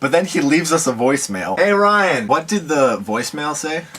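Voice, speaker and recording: A man's voice: fairly high pitch, very animated, moderate pace, a bit bright, husky. A young man casually telling a story to camera at home, rambling with many fillers and amused asides. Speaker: vlogger.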